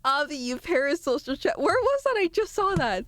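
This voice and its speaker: A woman's voice: sits high, sing-song, normal speed, a bit bright, dry recording. A young adult woman streamer in casual live-stream chat, bantering with viewers, reading their messages aloud, laughing often and swearing freely.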